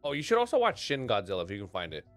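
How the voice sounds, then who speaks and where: A man co-hosting a casual podcast chat, excitable and quick to jump in. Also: mid-range voice, faint music behind. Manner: animated, excitable, jumps in often. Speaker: podcast co-host.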